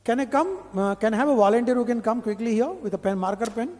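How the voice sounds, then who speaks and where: Male corporate trainer, Indian English, high mellow voice, lecture hall echo, quizzes the room. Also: fast talker. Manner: conversational, repeats points, quizzes audience with "huh?". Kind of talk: live training session. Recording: long hall reverb.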